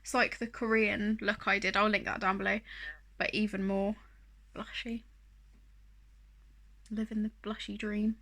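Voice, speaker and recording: A woman's voice: medium pitch, flat delivery, measured pace, pauses often, a bit bright. A woman chatting casually through a makeup tutorial, rambling and self-deprecating, with plenty of fillers. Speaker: beauty vlogger.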